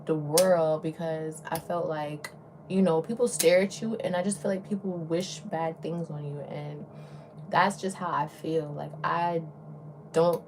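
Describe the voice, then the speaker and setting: This is a young woman with a Southern US accent, a beauty influencer wandering from thought to thought in a relaxed get-ready-with-me chat. Her voice sits a little low, and now and then she drops into a soft whisper. A steady hiss of home background noise runs under her speech. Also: measured pace. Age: young adult.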